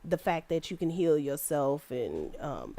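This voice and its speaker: A woman's voice: low-pitched, big pitch swings, unhurried, warm tone. A woman from Detroit co-hosting a podcast, talking bluntly and profanely in casual chat and laughing easily. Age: adult with kids. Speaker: podcast co-host.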